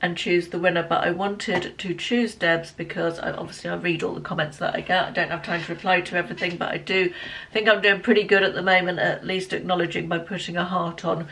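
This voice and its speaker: A woman in her fifties chatting casually in a rambling day-in-the-life vlog, full of ums and restarts, sometimes dropping to a soft near-whisper. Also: fairly low pitch, steady tone, brisk, creaky, a little hiss or hum. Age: 50s. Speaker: lifestyle vlogger.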